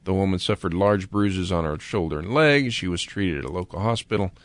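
A radio co-host reading out a news story in a measured way before chatting. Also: male voice, deep voice, dry recording. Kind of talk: reading news then casual chat.

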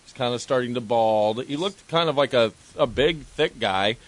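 A man's voice: mid-range voice, normal speed. A man co-hosting a talk show, hesitant and rambling as he describes what he saw. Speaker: co-host. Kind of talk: casual chat.

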